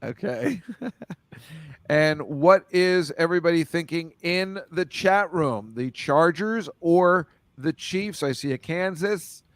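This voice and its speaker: A man's voice: a little high, slow pace, gravelly, no room sound. A man hosting a casual football picks chat over a video call, rambling loosely and laughing often. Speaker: host.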